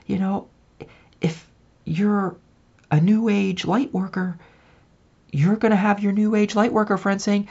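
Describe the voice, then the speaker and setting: A woman talks through a spiritual tarot reading in a loose, chatty way, often turning to the listener to check they follow. Her voice has a gravelly, husky edge and sits at an ordinary pitch. The recording is dull and lo-fi. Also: fairly even intonation, measured pace, pauses often, a little mellow. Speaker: tarot reader.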